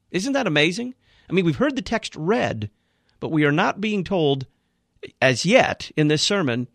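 A man's voice: on the high side, a bit bright, no echo, clean studio sound. A man hosting a radio program, critiquing a sermon he has just played in an emphatic, preaching manner.

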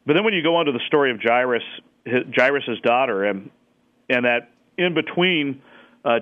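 A man's voice: medium pitch, narrow, tinny audio. Thoughtful man explaining with many fillers. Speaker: Bible scholar guest. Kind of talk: conversational explanation.

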